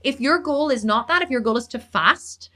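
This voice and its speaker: A woman fitness coach and bodybuilder answering questions on a casual live stream, talking very fast, energetic and emphatic, repeating words for emphasis. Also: high voice.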